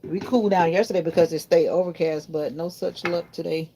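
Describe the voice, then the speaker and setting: A woman talks casually to her viewers while doing chores at home, rambling from one thought to the next. Her voice sits a little low. A faint hiss stays underneath the recording. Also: steady tone, fairly quick, mellow. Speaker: vlogger. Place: home in Florida.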